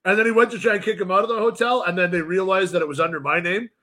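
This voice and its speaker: A man's voice: high-pitched, rapid-fire. A man chatting casually on a podcast, telling stories with lots of swearing and acted-out quotes. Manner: profane, animated storytelling with acted-out quotes. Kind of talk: casual chat.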